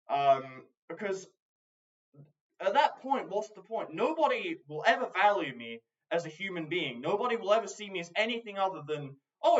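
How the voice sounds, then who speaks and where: A man talking through a personal video diary in a hesitant, halting way, glum and brooding, with many restarts. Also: on the high side, muffled recording. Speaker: video diarist.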